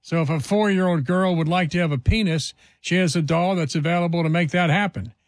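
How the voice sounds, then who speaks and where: A man's voice: fairly high pitch, brisk, no echo. A man hosting a talk radio show, delivering an indignant, emphatic monologue full of rhetorical questions.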